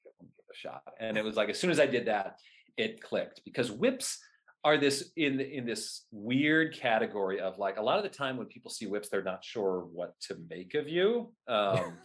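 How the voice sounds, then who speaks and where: Man, thirties, animated storyteller, low-ish voice, acts out old remarks. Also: normal speed. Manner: animated, acts out his own past remarks. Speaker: guest, whip performer at renaissance fairs. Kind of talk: casual interview storytelling.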